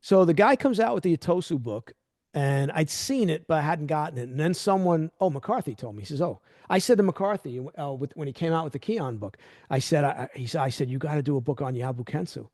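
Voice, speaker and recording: A middle-aged man hosting a podcast in casual chat. He tells stories with lively swings in pitch and acts out what other people said. His voice is mellow and dark, and it is recorded close and dry. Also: a little fast, dry recording. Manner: animated storyteller, acts out quoted dialogue. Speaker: podcast host.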